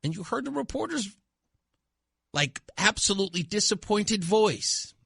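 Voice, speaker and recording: A man's voice: sits high, sing-song, a little slow, gravelly, a bit bright, breathy edge, dry recording. A male talk radio host giving a sarcastic, mocking monologue in a studio. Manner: sarcastic, mocking, laughs at own jokes.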